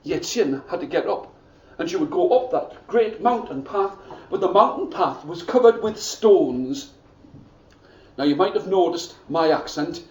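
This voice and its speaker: A man storytelling to schoolchildren in an expressive way, asking them to join in, recorded from far off in an echoey school room. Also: high-pitched, measured pace. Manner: expressive, asks the audience to join in.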